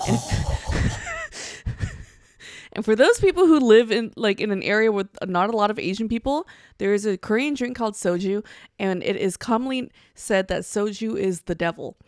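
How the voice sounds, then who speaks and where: A woman's voice: medium pitch, expressive, normal speed, a little mellow, no echo, studio quality. A woman co-hosting a casual podcast who tells stories bluntly, swears freely and acts out quoted lines. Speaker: co-host. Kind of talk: casual storytelling chat.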